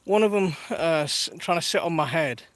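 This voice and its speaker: A man's voice: fairly high pitch, moderate pace, fairly bright tone, no room sound. A man in his thirties chatting casually on a live stream from his garden while minding his toddler, laughing often and reading viewer comments aloud. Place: outdoors in a garden.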